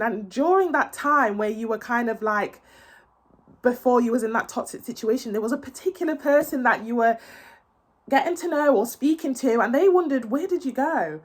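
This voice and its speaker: A woman giving a casual tarot reading to her viewers, earnest and reassuring, with many fillers and repeated words. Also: sits high. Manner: emotional, tearful, earnest and reassuring. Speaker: tarot reader.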